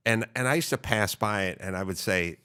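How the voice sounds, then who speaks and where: A man's voice: lowish voice, fairly quick, bright, forceful tone, smooth. A man hosting an unscripted interview, talking in a wry, anecdotal storytelling way. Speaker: podcast host, interviewer.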